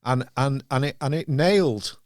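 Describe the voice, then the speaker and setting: Male podcast host, mid-pitched, thoughtful and searching, dry close sound. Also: normal speed, no echo. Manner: reflective, searching for words. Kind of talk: casual film chat.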